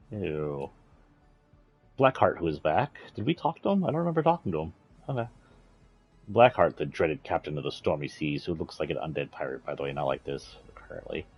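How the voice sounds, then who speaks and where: A low, husky male voice chatting casually as he streams a video game. He rambles in an offhand way and swears now and then. Faint music sits under his talk. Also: a little mellow. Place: indoors, playing a video game.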